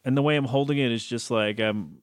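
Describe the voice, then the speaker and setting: A man's voice: medium pitch, a little fast, no echo, studio quality. Joking man on a podcast. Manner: joking, rambling with many restarts. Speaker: podcast co-host. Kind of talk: casual chat recapping a TV episode. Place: podcast studio. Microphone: studio mic, talking close.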